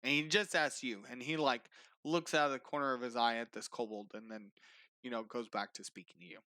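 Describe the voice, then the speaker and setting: A man narrating as game master of a tabletop game, with many fillers and frequent throat clearing. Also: mid-range voice, fairly even intonation, a little fast, pushed and bright, no echo.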